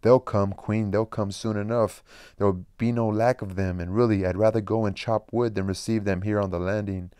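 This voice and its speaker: A man voicing a sly, fawning male demonic master of ceremonies in an audiobook reading, with confiding, drawn-out asides. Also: on the low side, fairly even intonation, dark tone, clean tone, no echo, clean studio sound, natural voice. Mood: explaining.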